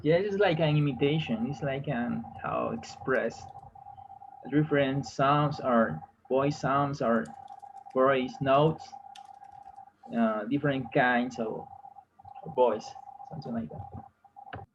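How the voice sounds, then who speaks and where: A man's voice: mid-range voice, slow, long pauses. A man answering as a student in an English class, hesitant and searching for his words. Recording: muffled with loud background noise.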